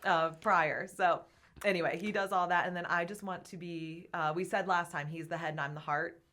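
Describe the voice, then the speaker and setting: Femme bavarde au timbre très clair. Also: female voice, fairly low pitch, fairly even intonation, moderate pace, sharp tone. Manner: chatty, candid, laughs often. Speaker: podcast guest, gym co-owner. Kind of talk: casual interview chat.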